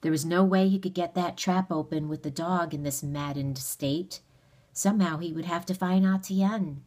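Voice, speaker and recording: A woman reading a novel aloud in a steady, measured storytelling manner. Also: lowish voice. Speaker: audiobook reader. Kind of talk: read-aloud narration of a novel.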